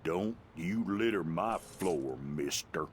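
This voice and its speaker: An actor playing a rough, folksy man in a video game who drawls colloquially, menacing one moment and gleeful the next. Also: deep voice, animated, slow, a little hiss or hum. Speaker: game character.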